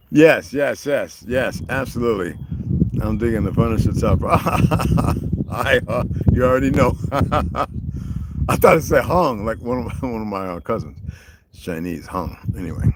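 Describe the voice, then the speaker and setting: A man livestreaming outdoors, rambling casually to his chat, swearing a lot and laughing often. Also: medium pitch. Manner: profane, animated, laughs often. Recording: loud outdoor background noise.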